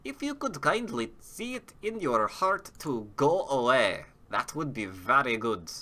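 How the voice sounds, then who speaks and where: A man's voice: sing-song, unhurried, pushed and bright. A man putting on a prim, overly polite fussbudget. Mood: prissy pleading. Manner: mock-formal, high-pitched pleading.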